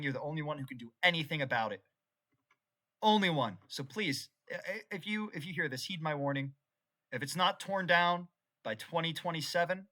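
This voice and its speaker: A young man rambling unscripted on camera, laughing and swinging from excited outbursts to mock-solemn musings. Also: on the high side. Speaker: YouTuber. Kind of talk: unscripted rambling vlog commentary.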